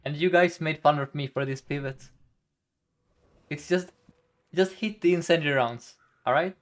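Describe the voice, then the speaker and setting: A man's voice: on the high side, moderate pace. A man streaming a game live, thinking aloud about each move in a chatty way and laughing often.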